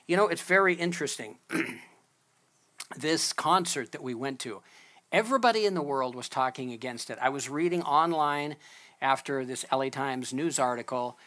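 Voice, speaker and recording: A middle-aged man, a pastor, preaching a sermon and telling a family story with lively quoted voices. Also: a little high. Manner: storytelling, animated when quoting others.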